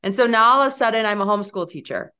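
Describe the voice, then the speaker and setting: A woman in her forties talks as a podcast guest. She tells her story casually and with energy. Her pitch jumps high when she quotes her own words. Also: very fast, clean tone. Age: 40s. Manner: animated, leaps high when quoting herself.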